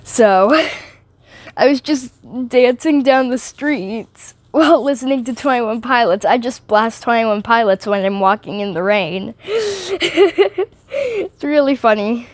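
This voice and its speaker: A woman's voice: fairly high pitch, lively intonation, unhurried, dry recording. A teenage girl rambling and giggling through a casual movie review vlog, often drifting off topic.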